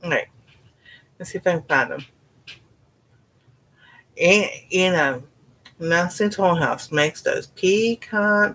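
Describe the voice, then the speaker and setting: A woman with a Southern US accent hosts a cooking channel in an easygoing livestream chat. Her voice sits a little low and she talks unhurriedly. She drifts from point to point in a folksy way, saying "y'all" and laughing often. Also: slow pace, long pauses, a bit bright.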